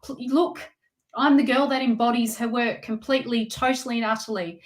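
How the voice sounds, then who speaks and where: A woman's voice: a little high, fast. A woman hosting a tarot and astrology live stream, chatting casually with viewers in an effusive, emotional way.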